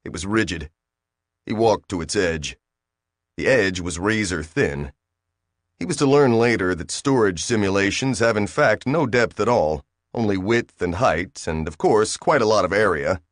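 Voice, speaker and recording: A man narrating an audiobook in even, measured storytelling. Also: lowish voice, no echo, clean studio sound. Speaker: audiobook reader. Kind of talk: scripted narration.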